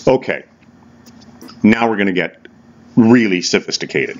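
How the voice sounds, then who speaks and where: A man's voice: lowish voice, expressive, unhurried, dull audio. A man teaching a recorded English lecture in a casual, conversational way, often checking in with tag questions. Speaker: college English instructor.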